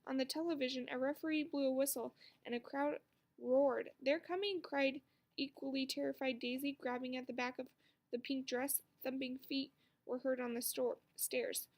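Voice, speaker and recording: A woman reading a children's book aloud with expressive storytelling. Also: high voice, moderate pace. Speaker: narrator.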